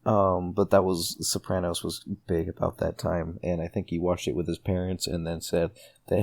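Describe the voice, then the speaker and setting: Hesitant young man, fairly low voice. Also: fairly even intonation, normal speed, vocal fry, a little mellow. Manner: hesitant, many ums and uhs. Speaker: podcast co-host. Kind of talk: casual chat.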